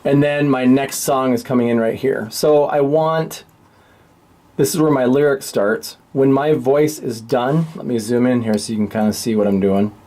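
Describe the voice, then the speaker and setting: A laid-back man, a radio teacher, walks through a lesson as a casual screen-share tutorial. He's relaxed and offhand, thinking aloud with restarts, in a medium-pitched voice at normal speed.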